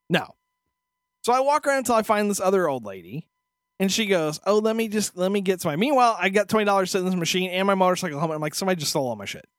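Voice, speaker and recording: A man's voice: sits high, big pitch swings, very fast, fairly bright tone, no echo, studio quality. A man co-hosting a podcast, telling a story as a profane, exasperated rant in casual chat. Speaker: podcast co-host.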